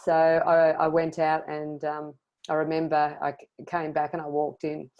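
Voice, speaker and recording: Woman guest, middle-aged, low voice, earnest and emotional storytelling. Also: completely flat delivery, moderate pace, dull audio. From Australia. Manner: emotional, earnest, many restarts. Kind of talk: personal story in an interview.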